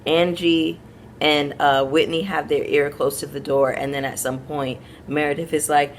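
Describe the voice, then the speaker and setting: A woman's voice: low-pitched, little pitch movement, normal speed, a little hiss or hum. A woman chatting casually to her viewers as she recaps a reality TV episode, opinionated and talking straight to her audience.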